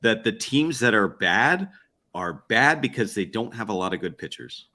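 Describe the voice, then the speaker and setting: A man's voice: lowish voice, very animated, normal speed, sharp tone. A man co-hosting a podcast in casual chat, with dry, joking remarks. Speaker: podcast co-host.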